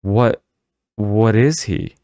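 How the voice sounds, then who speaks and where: A man's voice: lowish voice, drawn-out words, mellow, dry recording, clean studio sound. A man voicing a nervous young boy asking anxious, startled questions in an audiobook. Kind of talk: audiobook character voice.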